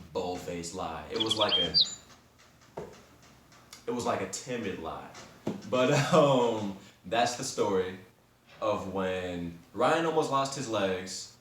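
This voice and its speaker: A man's voice: on the low side, unhurried, a little hiss or hum. Laughing, slangy young man telling a story. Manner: animated and laughing, slangy, addresses listeners. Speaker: podcast host. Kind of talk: casual storytelling. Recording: roomy sound from a distant mic.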